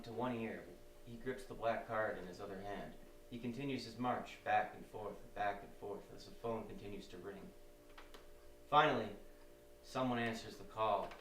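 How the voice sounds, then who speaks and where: A man narrating the stage directions at a live script reading, with a steady, descriptive delivery. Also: lowish voice, moderate pace. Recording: roomy stage sound from far off, faint noise.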